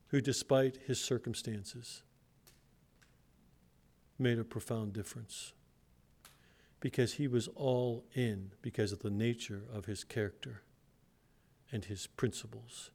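A man's voice: mid-range voice, a little mellow. A man pastor delivering a sermon in an earnest, emphatic way.

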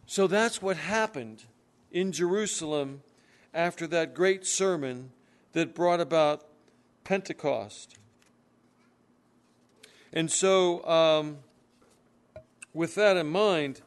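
A man preaching a sermon, earnestly explaining scripture and reading verses slowly. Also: sits high. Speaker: pastor.

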